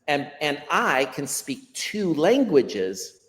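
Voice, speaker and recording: An American man, a language educator, explaining pronunciation in an interview in a lively teacherly way. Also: a little high, slow pace, long reverb tail. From United States. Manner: animated teacherly explaining, acts out quotes. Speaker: ESL educator, guest.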